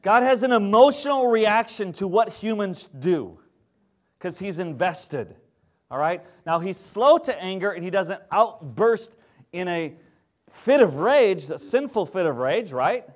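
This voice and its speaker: A man's voice: high-pitched, animated, a little slow. A man preaching a sermon in a conversational style that rises to emphatic declarations. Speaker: pastor.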